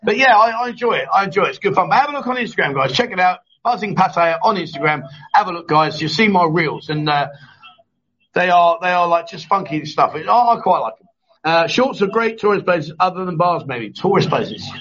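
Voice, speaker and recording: A man's voice: high-pitched, animated, a little fast, fairly bright tone, highs cut off. A man hosting a casual live chat show, joking and teasing his co-host.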